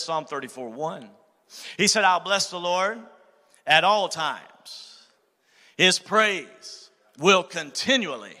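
A preacher with a high, bright voice delivers a sermon. His words ring through a large room with a long reverb tail, and he keeps calling on the congregation to answer back. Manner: preaching with call-and-response to the congregation. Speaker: pastor. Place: church sanctuary.

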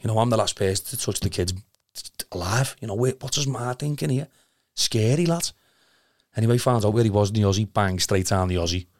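A man's voice: on the low side, lively intonation, brisk, darkish tone, no echo, clean studio sound. A young man with a Liverpool accent telling an emotional story in casual chat, rambling, earnest and swearing a lot. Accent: Liverpool (Scouse). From Liverpool, England.

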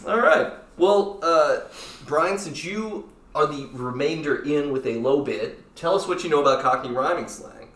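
A man's voice: on the high side, lively intonation, fairly bright tone, recorded from a distance. A man hosting a casual podcast and running a quiz game, playful and jokey. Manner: playful, jokey, quick asides. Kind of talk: casual chat. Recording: echoey room, off-mic.

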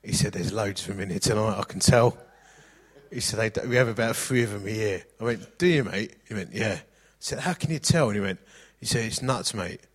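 A man's voice: lowish voice, brisk, slightly rough. A middle-aged man preaching a sermon, mixing jokey anecdotes with scripture reading.

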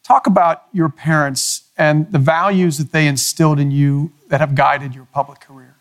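Measured, somewhat high-voiced male interviewer. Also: steady tone. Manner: measured, deliberate questioning with fillers. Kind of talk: formal interview questions.

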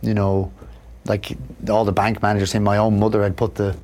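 A man with a lowish voice tells stories from his life as an interview guest. He talks in a reflective, conversational way and gives the people he quotes lively voices of their own. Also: fairly quick. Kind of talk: candid conversational storytelling.

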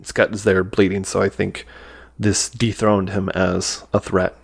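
A man's voice: low-pitched, level tone, a little slow, vocal fry, breathy edge. A man co-hosting a podcast, chatting casually about a film with lots of fillers. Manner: rambling, with many fillers and acted-out quotes. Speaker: podcast co-host. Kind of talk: casual movie review chat.

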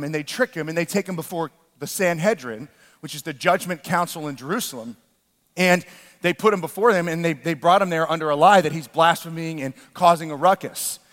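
An animated male pastor delivers a sermon, his voice pitched high for a man. He moves between quiet storytelling and fervent shouting. A long hall reverb trails every phrase.

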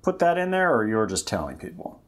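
A man on a podcast chiming in with brief, lively remarks in casual chat. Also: mid-range voice, brisk, noisy background.

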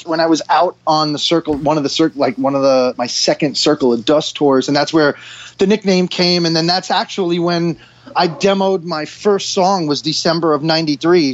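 A man's voice: on the high side, no room sound. A man in his forties with a New York accent, chatting casually as a podcast guest in a rambling, laid-back way. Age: 40s. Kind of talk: casual chat. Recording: dull dry lo-fi sound.

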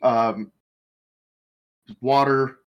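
A man's voice: mid-range voice, steady tone, very slow, clear, resonant tone, highs cut off. A man playing a tabletop game, asking careful questions and describing his agent's actions step by step. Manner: methodical, asks questions. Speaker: player. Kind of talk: casual tabletop play.

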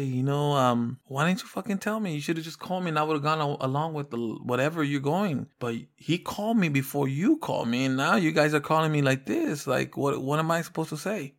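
Man, young adult, gravelly, mid-pitched, casual podcast chat, acts out dialogue. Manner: storytelling, swears freely, acts out both sides of dialogue. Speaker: podcast co-host.

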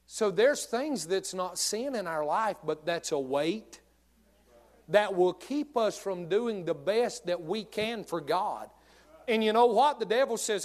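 A male pastor preaching a sermon, telling humorous stories in an animated way. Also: high voice, a little slow.

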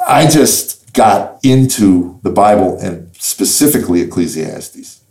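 Deep-voiced middle-aged man telling his story. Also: animated, gravelly, darkish tone. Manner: halting storyteller, repeats words, acts out quotes. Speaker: comedian guest. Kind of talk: conversational faith testimony. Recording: echoey room, distant mic.

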